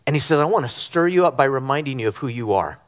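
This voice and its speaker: A middle-aged man from Southern California preaching a conversational sermon, telling animated stories with frequent ums and restarts. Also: mid-range voice, quick pace. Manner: animated storytelling with frequent fillers. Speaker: pastor. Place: church sanctuary.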